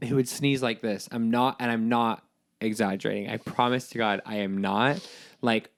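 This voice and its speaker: A man's voice: medium pitch, steady tone, moderate pace. Guy cohosting a podcast, medium voice, jokey and laughing a lot. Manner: playful, jokey storytelling with frequent laughs. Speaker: podcast co-host. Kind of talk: casual chat.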